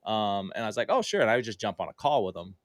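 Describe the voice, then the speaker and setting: A man's voice: on the low side, fast talker, no room sound. A man who is a guest on a podcast, telling a story in a casual way and acting out quoted dialogue in livelier tones. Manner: conversational, with frequent fillers and self-corrections.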